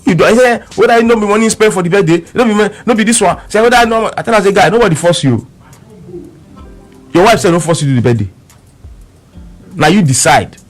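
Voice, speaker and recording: A man's voice: high-pitched, lively intonation, fast talker, long pauses, faint music behind. A man speaking with a Nigerian Pidgin accent, telling a story on radio with emphatic repeats and quoted back-and-forth. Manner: emphatic, repeats words, quotes both sides of an argument.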